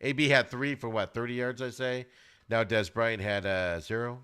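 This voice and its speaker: A man hosting a podcast, giving an animated, ranting football recap with plenty of exclamations. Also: medium pitch, moderate pace, smooth. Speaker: podcast host.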